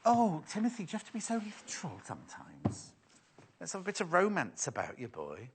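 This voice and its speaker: Lively chatty male presenter. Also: fairly high pitch, brisk, noisy background. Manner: chatty, teasing, playful banter with crew. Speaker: shopping channel presenter. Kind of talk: live TV sales presenting.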